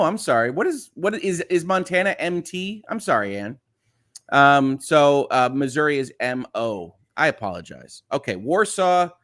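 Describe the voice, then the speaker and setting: A man with a Chicago accent and a slightly nasal voice hosts a relaxed livestream. He talks in a rambling way, with many fillers and restarts, as he reads out viewer messages. His voice sits at an ordinary middle pitch. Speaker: livestream host. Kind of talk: casual livestream chat, reading viewer messages aloud.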